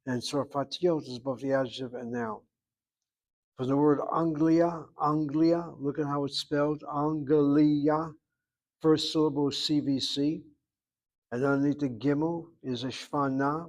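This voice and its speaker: A man teaching a classroom lesson, spelling out words syllable by syllable, with musing asides. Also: medium pitch. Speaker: Hebrew teacher. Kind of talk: classroom lecture.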